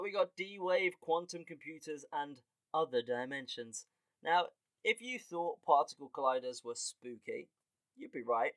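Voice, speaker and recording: A man's voice: mid-range voice, no echo. Man hosting a comedy podcast, laughs a lot, swears, medium voice, dry close sound. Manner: animated, laughs often, swears casually. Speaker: podcast host. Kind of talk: casual comedic monologue.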